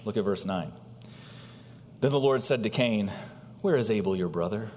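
A man preaching a sermon as pastor, asking rhetorical questions and swinging between loud high emphasis and quiet low asides. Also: lively intonation, moderate pace, long reverb tail, a little hiss or hum.

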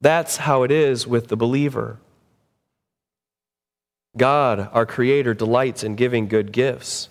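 A man preaching a sermon as pastor, animated, acting out quoted voices with big jumps in pitch. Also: slow pace, pauses often. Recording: long hall reverb.

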